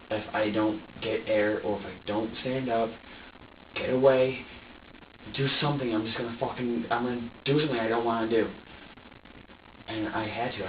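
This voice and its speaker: A distressed man under police questioning pours out his account in a halting, profane rush, tripping over repeated words and sounding close to tears. He is picked up from across a bare, echoey interview room, dull and slightly muffled. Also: lowish voice, distant mic, a little hiss or hum. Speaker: suspect being questioned. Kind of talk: emotional recounting under questioning.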